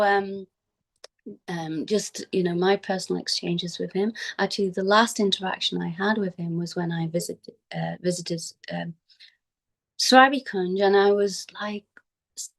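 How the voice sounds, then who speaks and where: A woman sharing a personal remembrance in an informal, halting way, with many fillers and restarts, her voice dropping at times to a near whisper. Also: fairly low pitch, gravelly, poor audio. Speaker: devotee giving a memorial homage.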